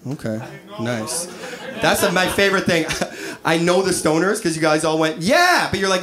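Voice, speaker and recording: A man in his thirties doing a stand-up comedy set, animated, acting out quoted voices and laughing at his own jokes. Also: high-pitched, moderate pace, crowd noise. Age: 30s. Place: live comedy venue with audience. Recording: live stage recording with audience noise.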